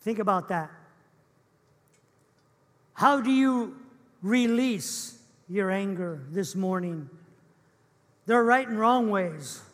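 Man, pastor, sermon, emphatic and repetitive, slow delivery, echoey church hall. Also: high voice.

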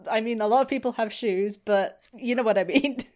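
A woman's voice: on the high side, a little fast, a little mellow. A woman playing a tabletop game with dry, wry humor. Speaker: player. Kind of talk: casual tabletop role-play.

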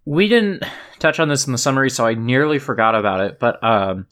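A man's voice: mid-range voice, very animated, fairly quick, fairly bright tone. A man co-hosting a podcast in a casual discussion, telling anecdotes and swearing. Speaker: podcast co-host.

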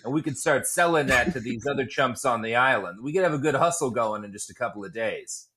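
A man's voice: medium pitch, lively intonation, brisk, pushed and bright. A man playing a tabletop role-playing game, talking with mock hustler swagger. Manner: hustler swagger, mock grind-culture bravado. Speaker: player.

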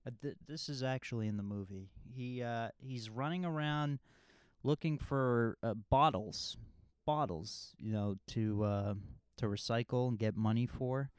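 A man's voice: medium pitch, unhurried, darkish tone, clear, resonant tone, dry recording, clean studio sound. A man recapping a movie in a casual, rambling, jokey way with lots of fillers. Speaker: movie reviewer.

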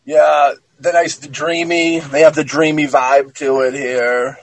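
A man's voice: fairly high pitch, flat delivery, a little slow, no echo, low-quality recording. A man hosting a podcast, chatting loosely about a film and restarting his sentences often. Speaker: podcast host. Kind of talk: casual film commentary chat.

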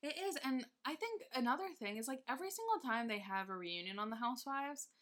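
A woman's voice: sits high, expressive, quick pace, fairly bright tone. A woman co-hosting a casual chat, ranting indignantly and swearing freely. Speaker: podcast co-host.

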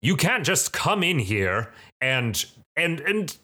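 A man's voice: fairly high pitch, sing-song, slow pace, bright, forceful tone, pitched above the performer's own voice, exaggerated voice. A man playing a flustered, stammering priest. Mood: indignant. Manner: stammering, indignant.

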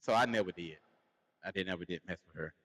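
A man co-hosting a casual podcast with a Southern US accent, telling stories in an animated way and acting out quotes. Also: deep voice, fast, big-room sound. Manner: animated storytelling, acts out quotes. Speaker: podcast co-host. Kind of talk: casual chat.

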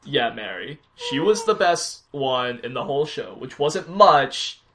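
Co-host, mid-pitched, sardonic and crude; swears freely while riffing on a cartoon. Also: very animated, unhurried, fairly bright tone, a little hiss or hum. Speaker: podcast co-host. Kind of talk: casual cartoon review chat.

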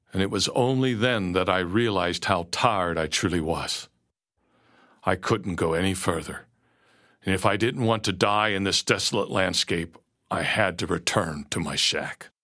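A man's voice: fairly low pitch, fairly bright tone. A man narrating a first-person storybook tale in an earnest, dramatic way.

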